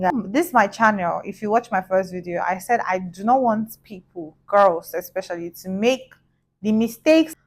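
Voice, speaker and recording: A young Nigerian-accented woman recounts a tale for her vlog. She sits at a mid pitch. She talks in a lively, gossipy way and slips into other people's voices. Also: low-quality recording. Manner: animated, gossipy, acts out voices. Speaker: vlogger. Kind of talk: casual storytelling.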